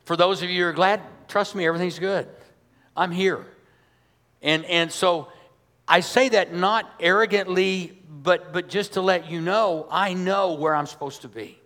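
A man's voice: high voice, measured pace, a bit bright. A man, a pastor, preaching a sermon in a church, emphatic and conversational, asking his congregation rhetorical questions. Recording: long hall reverb.

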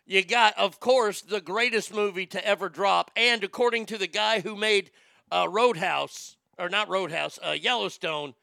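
A man's voice: high voice, moderate pace, creaky, sharp tone, no room sound, studio quality. A man ranting casually about movies, profane and rambling, reading out viewer comments as he goes.

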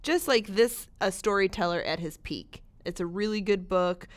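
A woman's voice: mid-range voice, normal speed. A woman co-hosting a library podcast, recommending books in an enthusiastic, chatty way with many fillers. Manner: enthusiastic, chatty, laughs easily. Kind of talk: casual podcast chat.

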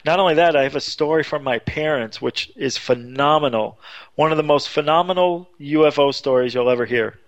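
A man telling a long story on a radio talk show, getting more animated and higher as he goes. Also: brisk, dry recording. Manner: animated storyteller, rising pitch when excited. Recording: dull lo-fi radio audio.

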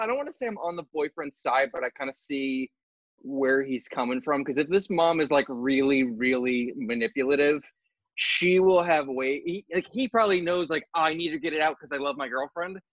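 Guest comic man, fairly high voice, dry but a bit muffled, jokey casual chat. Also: moderate pace, fairly bright tone, no echo. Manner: wisecracking, drops into joke voices. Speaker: guest comedian. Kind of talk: casual comedy podcast chat.

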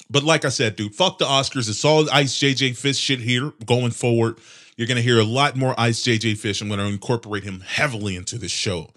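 A young man in his twenties hosting a casual solo podcast, rambling and sarcastic with heavy swearing, his nose congested and clearing his throat. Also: mid-range voice, a bit bright. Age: 20s. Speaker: podcast host.

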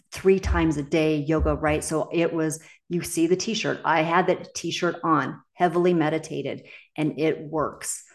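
A middle-aged woman, a coach and podcast host, talks casually in a solo podcast with a low-pitched, darkish voice. She's candid and emphatic, swearing freely.

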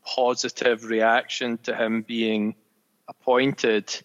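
Measured young man giving football analysis. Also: mid-range voice, flat delivery, big-room sound, dull audio. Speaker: podcast co-host. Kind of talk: casual football chat.

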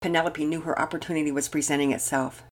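Gentle grandmother storyteller, breathy. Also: deep voice, fast talker. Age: older. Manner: gentle, expressive. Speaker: storyteller, host. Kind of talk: children's story reading.

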